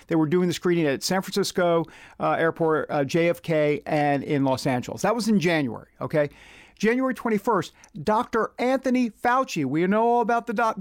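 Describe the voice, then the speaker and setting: A man's voice: sits high, no room sound, studio quality. A man hosting a political commentary monologue, reading out quotes in an indignant, rhetorical manner.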